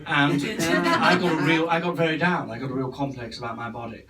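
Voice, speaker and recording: A man performing live stand-up character comedy as a vain, rambling older female stage actress, self-absorbed and theatrical with deadpan asides. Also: a little high, a little fast, a crowd in the background, natural voice. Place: comedy club stage before a live audience. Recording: distant mic, loud room noise.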